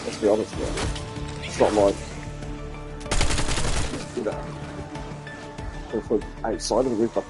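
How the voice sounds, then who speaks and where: A man's voice: fairly low pitch, steady tone, a little slow, pauses often, over loud music. A man with a Birmingham accent, a streamer chatting casually and swearing freely as he reacts to clips. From English Midlands. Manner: sweary, chatty, slips into put-on voices. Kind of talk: casual chat.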